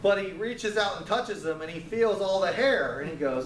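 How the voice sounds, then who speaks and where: A man with a fairly high voice leads a relaxed Bible class, chatty and quick to toss in jokes and restart his sentences. He sounds roomy and a little far from the mic. A faint room hum sits behind him. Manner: conversational, joking asides, frequent restarts. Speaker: Bible study teacher. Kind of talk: casual Bible class teaching. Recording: roomy, distant, faint ambience.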